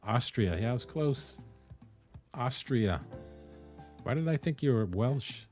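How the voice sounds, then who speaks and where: A man from the Northeastern US streaming live, chatting casually with viewers and thinking aloud with frequent pauses. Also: mid-range voice, expressive, a little mellow, soft background music. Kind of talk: casual live-stream chat while coding.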